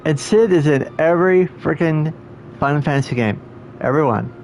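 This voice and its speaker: A man's voice: on the high side, normal speed, a little mellow, a little hiss or hum. A man streaming a game, making wry, joking asides in casual commentary.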